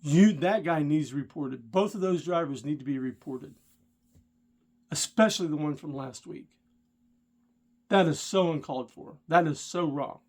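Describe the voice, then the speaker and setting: A man's voice: fairly high pitch, measured pace, pauses often, darkish tone. Indignant man telling a driving story. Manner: indignant, worked up, talks straight to the viewer. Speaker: rideshare driver and channel host. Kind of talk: casual storytelling vlog.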